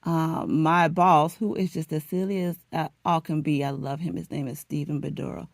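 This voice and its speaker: A woman vlogger chatting casually as she gets ready for work at home, telling a story in an animated, dramatic way with laughs. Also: low-pitched, normal speed, gravelly, dry recording, studio quality.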